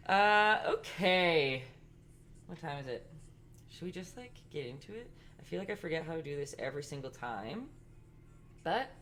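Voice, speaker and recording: Chatty low-voiced woman teaching painting. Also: fairly bright tone. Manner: chatty, rambling, talks fast. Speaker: art instructor and live-stream host. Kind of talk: casual live-stream painting lesson.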